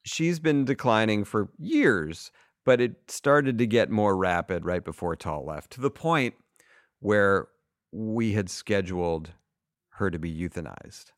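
A man's voice: lowish voice, lively intonation, unhurried, no room sound, studio quality. A middle-aged man co-hosting a podcast, chatting casually and telling a story with wry, profane humor. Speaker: podcast co-host. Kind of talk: casual chat.

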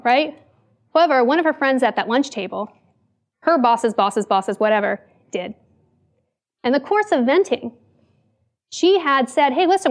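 A woman speaks to an audience, telling a story about a workplace and playing the people in it with lively shifts of voice. Her voice sits high. She talks in a casual, spoken way, full of fillers. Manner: animated storyteller, acts out quoted lines. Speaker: speaker giving a talk.

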